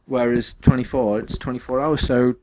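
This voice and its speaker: Excitable rambling young man. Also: mid-range voice, moderate pace, rough recording. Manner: excitable, rambling with many restarts and fillers. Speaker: podcast co-host. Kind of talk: casual chat.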